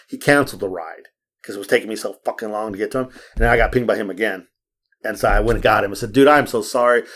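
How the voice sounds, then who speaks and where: A podcast host tells road stories in a casual, animated chat, talking fast in a lowish voice. He acts out quoted voices and swears freely.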